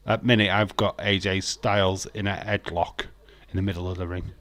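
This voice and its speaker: A man's voice: sits low, little pitch movement, moderate pace, a bit bright, dry recording. A man hosting a live stream, chatting casually, reading out chat messages and teasing viewers with frequent laughs. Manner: jokey, teasing, laughs often.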